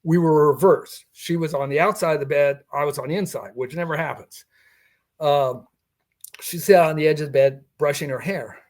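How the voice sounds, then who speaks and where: A man's voice: on the high side, moderate pace, darkish tone. An older man telling a personal story in a podcast interview, acting out the dialogue and chuckling as he goes. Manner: recounting a personal encounter with quoted dialogue and chuckles. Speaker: guest.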